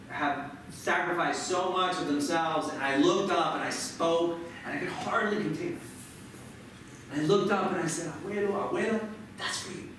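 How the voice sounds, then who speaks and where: A visiting author gives a passionate motivational speech at a school event in a large lecture hall, urging listeners to join a chant. His voice is a little high and fairly bright, with faint hiss or hum. The recording sounds echoey and distant.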